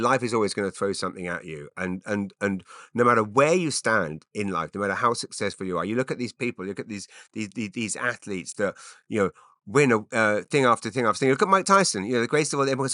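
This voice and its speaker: A man hosting a solo podcast, talking in a rambling, stop-start way, full of restarts and asides. His voice sits a bit low but comes across bright and forceful. The recording is dry and close, with no room sound around him. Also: no room sound. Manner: rambling, self-interrupting, frequent stammered restarts. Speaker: podcast host.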